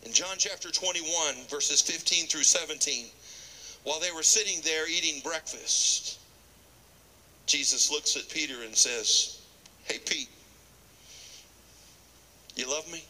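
A man preaching a sermon, animated, acting out scripture dialogue and dropping to a whisper at times. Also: fairly high pitch, unhurried, poor audio.

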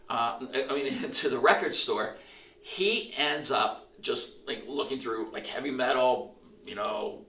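A middle-aged male pastor preaching a sermon, telling stories in an animated way, acting out the quotes and often restarting his phrases. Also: medium pitch. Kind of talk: sermon storytelling. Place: church sanctuary. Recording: roomy echo, voice from a distance.

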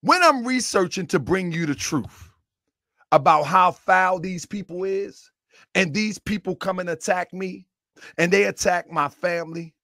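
A middle-aged man hosting a fiery commentary monologue, who yells often, gets excited and laughs between phrases. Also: high-pitched, unhurried, creaky, no echo, clean studio sound. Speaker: online commentary host.

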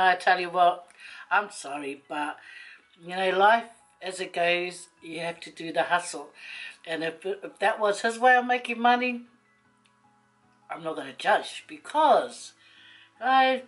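A woman, a vlogger telling a rambling personal story to camera, chatty and quick to laugh. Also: fairly low pitch, a bit bright, low-quality recording.

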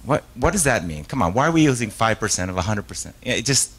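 A man's voice: on the low side, very animated, fast talker, a bit bright, rough recording. A man giving a live author talk and taking audience questions, a stage hypnotist who rambles, restarts his sentences and acts out voices in his stories. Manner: rambling, self-interrupting storyteller with frequent restarts and laughs.

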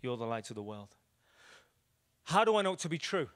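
A Liverpool evangelist preaches a storytelling sermon to an audience in a church meeting room, acting out his stories' dialogue with lots of animation. His voice is medium-pitched and a bit bright, with big swings in pitch and a brisk pace.

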